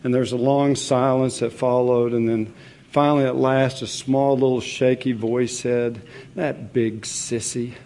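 A man preaching a sermon as pastor, measured and earnest, with the odd filler as he explains a passage. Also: medium pitch, little pitch movement, a little mellow, a little hiss or hum.

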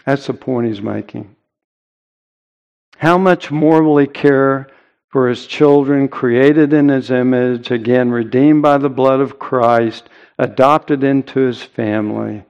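A male pastor delivering a sermon at an unhurried pace, leaning on key words with earnest emphasis. His voice sits in a middle register and comes through a slightly dull, lo-fi recording. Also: mid-range voice, smooth. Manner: earnest, emphatic preaching with deliberate pauses.

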